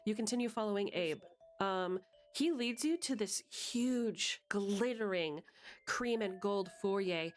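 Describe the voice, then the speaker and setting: A woman's voice: mid-range voice, slow pace, faint music behind. Woman narrating as game master. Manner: descriptive, hesitant with many fillers.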